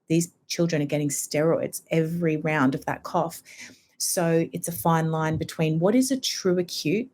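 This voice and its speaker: Chatty low-voiced woman explaining remedies. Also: darkish tone. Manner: chatty, explanatory, acts out quoted people. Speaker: homeopath guest. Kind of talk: casual podcast interview.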